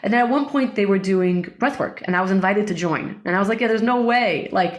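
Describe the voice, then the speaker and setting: A middle-aged woman, a breathwork facilitator, telling personal stories in an emotional, animated way with many fillers. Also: medium pitch, a little fast. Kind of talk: casual interview storytelling.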